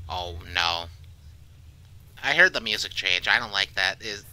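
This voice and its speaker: Jumpy, bright-voiced gamer guy. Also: low-pitched, slow pace, long pauses, clean tone, poor audio. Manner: jumpy, swears a lot, reacts loudly to scares. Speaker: gaming YouTuber. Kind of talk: casual let's-play commentary.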